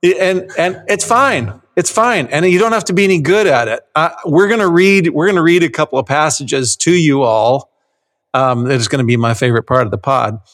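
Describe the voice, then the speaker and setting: A man co-hosting a podcast in relaxed conversation. His voice sits fairly high, and he laughs a lot and trips into restarts as he talks with energy. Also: moderate pace. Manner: animated, laughs often, stumbles on restarts. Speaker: podcast co-host. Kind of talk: casual chat.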